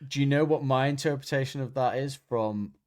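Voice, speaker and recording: A man's voice: medium pitch, a little fast, a little mellow. A man co-hosting a podcast, chatting casually and rambling, often restarting sentences and searching for words. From Britain. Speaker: podcast co-host. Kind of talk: casual chat.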